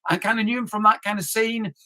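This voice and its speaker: A man guesting on an online chat show, his voice high for a man. He tells an anecdote in an easy, unhurried, matter-of-fact way. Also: fairly even intonation, sharp tone. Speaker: guest comedian. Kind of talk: casual interview storytelling.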